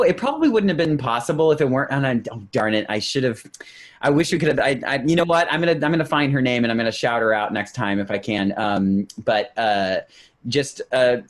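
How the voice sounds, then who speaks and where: A man on a casual podcast telling an excited story, full of fillers and acted-out reactions. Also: mid-range voice. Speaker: podcast host.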